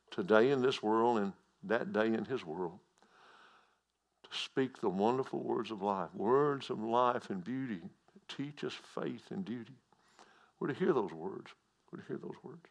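A man preaches a sermon in a plain, folksy way, repeating his key phrases. His voice is low and gravelly. He drops to near-whispers and then climbs to loud, emphatic declarations. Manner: folksy preaching with repetition and swings from hushed to loud.

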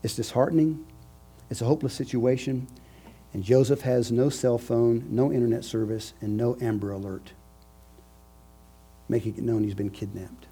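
A man preaching a sermon, emphatic and repetitive, swinging between loud declarations and hushed phrases, with a husky voice. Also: mid-range voice, steady tone, normal speed, pauses often, soft background music.

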